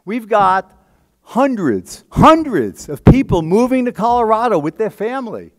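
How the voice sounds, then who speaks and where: A man giving an emphatic, conversational scientific talk at a conference, often checking in with the audience. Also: high voice.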